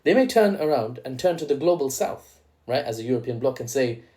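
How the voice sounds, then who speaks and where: A man's voice: medium pitch, expressive, brisk, mellow. A man hosting solo geopolitics commentary, casual and analytical, checking in with "right?" after his points and adding playful asides.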